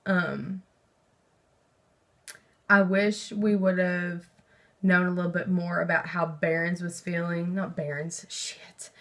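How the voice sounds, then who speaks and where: A young woman vlogger talking about a book in a casual, rambling way, excitable, with lots of fillers and swearing. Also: fairly low pitch, takes it slowly, long pauses. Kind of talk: casual book review chat.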